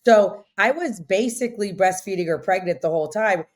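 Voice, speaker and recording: A woman's voice: medium pitch, fairly quick. A woman guest in an interview, telling her story emphatically and often saying "like" as she talks. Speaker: interview guest, restaurant owner. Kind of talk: candid conversational interview.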